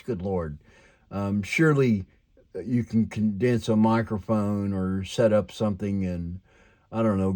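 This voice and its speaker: An older man with a slight twang and a lowish voice talks through whatever is on his mind. He rambles casually at home, full of fillers, restarts and side trails. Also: darkish tone. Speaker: toy collector vlogger.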